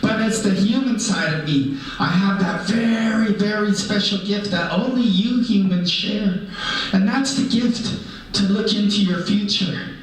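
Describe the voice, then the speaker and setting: A man's voice: high voice, measured pace. A man telling tales as a jolly animal person. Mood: playful. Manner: playful, animated, full of humor. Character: cheerful animal-person storyteller, male, ageless. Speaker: storyteller. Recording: echoey hall from far off.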